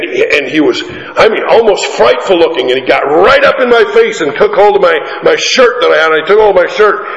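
A fairly high-voiced man preaching in a large echoing hall, the sound a bit muffled. His delivery is animated, swinging from quiet storytelling to emphatic climbing peaks. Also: gravelly. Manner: animated, rising to emphatic peaks, drawn-out lines. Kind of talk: sermon with storytelling.

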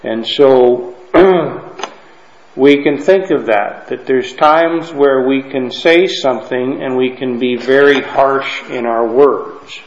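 A man with a mid-range voice speaks slowly as he leads a Bible lesson, keeping a conversational tone and frequently asking his class "right?" or "okay?" It's captured in a dull, roomy, lo-fi room recording.

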